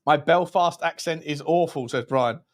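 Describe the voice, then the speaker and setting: A man's voice: a little high, normal speed. Give me a man hosting a football channel, rambling and joking through a casual livestream chat. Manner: rambling and jokey, lots of restarts.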